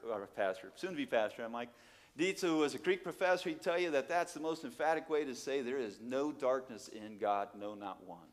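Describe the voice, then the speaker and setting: Animated male preacher. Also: brisk, long reverb tail. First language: Portuguese. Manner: animated, emphatic, swings from low asides to loud exclamations, rhetorical questions. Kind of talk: sermon.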